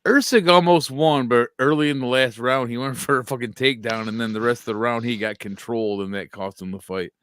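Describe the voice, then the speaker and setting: A man's voice: mid-range voice, a little fast, few pauses, fairly bright tone, smooth, no echo. A man co-hosting a casual sports podcast, joking crudely as he reads out picks and fight results. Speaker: podcast co-host.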